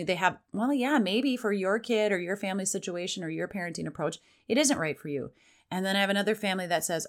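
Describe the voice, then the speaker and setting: A woman hosts a parenting podcast solo, talking casually and fast in a medium-pitched voice. She acts out parents' lines in a raised voice.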